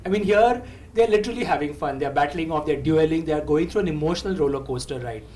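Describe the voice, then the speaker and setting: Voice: mid-range voice, quick pace, darkish tone, a little hiss or hum. An interviewer asking questions in a casual, enthusiastic, fan-like way.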